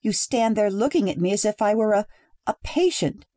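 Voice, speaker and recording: A woman's voice: mid-range voice, expressive, normal speed, mellow, dry recording, clean studio sound, voice pushed up, lightly acted. A woman voicing a young wife who speaks in a breathless, rising, pleading way. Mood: hurt, pleading. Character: young newly married woman, eager then hurt.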